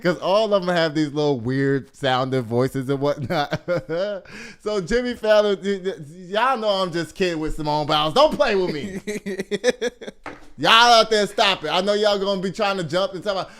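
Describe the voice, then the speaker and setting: Sassy, animated gossip host. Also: male voice, high-pitched, normal speed, smooth. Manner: animated, sassy, laughs often, addresses listeners as y'all. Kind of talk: casual gossip news commentary.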